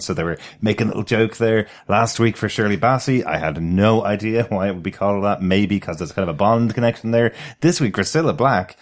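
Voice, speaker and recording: A man with a low voice co-hosting a relaxed podcast. He talks in an easy, chatty way and keeps the tone light and jokey. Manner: chatty and jokey, laughs easily. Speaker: podcast co-host. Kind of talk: casual podcast chat.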